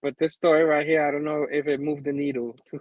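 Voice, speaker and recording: A man hosting a casual comic book review in a relaxed, easygoing way. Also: a little high, quick pace, no room sound, highs cut off. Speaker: host.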